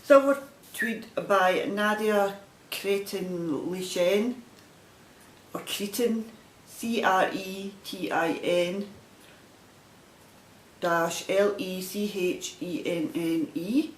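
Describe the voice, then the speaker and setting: A Scottish woman chatting casually and rambling a little as she shows her crafting projects on her video podcast. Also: very slow. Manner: chatty, self-deprecating, meandering. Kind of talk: casual show-and-tell chat. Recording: roomy echo, faint rumble.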